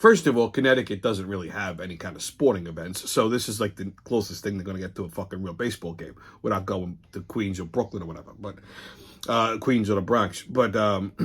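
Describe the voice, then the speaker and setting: A man's voice: fairly low pitch, a little fast, breathy edge. A man, hosting a casual monologue, telling blunt, profane stories full of quoted arguments. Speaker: host.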